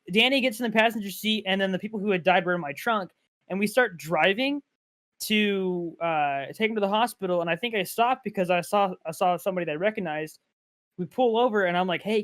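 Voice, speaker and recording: A young man co-hosting a podcast, telling excitable game stories in casual chat, full of "dude" and "bro". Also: high voice. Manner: excitable storytelling, says "dude" and "bro" a lot. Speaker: podcast co-host.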